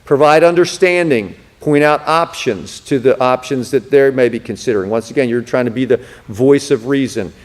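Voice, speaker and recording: A man, a pastor, teaching a counseling class in a conversational lecture style, often checking in with the class and going softer and slower when he models calm talk. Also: medium pitch. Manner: drops to a soft slow voice when modeling calm speech. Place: church hall. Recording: echoey church room.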